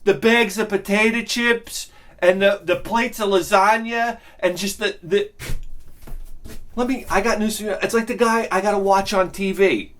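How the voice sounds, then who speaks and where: A man hosting his own video, telling a profane, comedic ranting story that swings from low mutters to shouting. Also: steady tone, normal speed. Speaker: video host.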